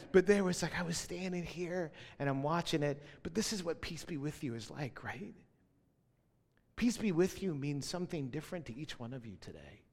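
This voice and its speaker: A man giving a sermon as pastor, telling a personal story and dropping to a hushed tone at tender moments. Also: lowish voice. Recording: long hall reverb.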